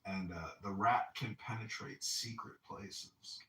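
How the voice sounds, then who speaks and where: A man's voice: on the low side, slow pace, fairly bright tone. A man hosting a casual podcast, telling boastful rambling stories and laughing at his own jokes. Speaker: podcast host and political candidate. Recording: echoey room, distant mic, faint noise.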